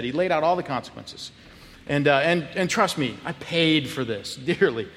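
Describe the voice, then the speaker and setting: Middle-aged male pastor, high lively voice, animated storyteller who laughs and acts out quotes; long church reverb. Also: moderate pace, slight background noise. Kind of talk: sermon storytelling. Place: church sanctuary.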